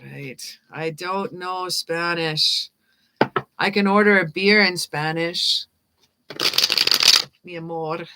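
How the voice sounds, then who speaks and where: Woman, tarot reader, slow unhurried delivery, upbeat and playful, affirming. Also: fairly low pitch, fairly even intonation, noisy background. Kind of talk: live-stream tarot reading.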